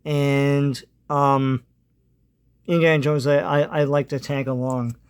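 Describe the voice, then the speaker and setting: A man casually retells a comic book story, hesitating often with lots of ums and uhs and chuckling now and then. His medium-pitched, smooth voice stays level as he takes his time.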